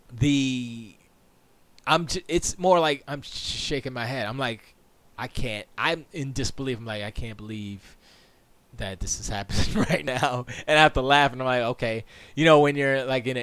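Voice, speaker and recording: Speaking from his home studio, this streamer and show host chats casually on a live stream, rambling, cutting himself off and frequently laughing. His voice sits at a medium pitch, with a slightly bright, clean tone.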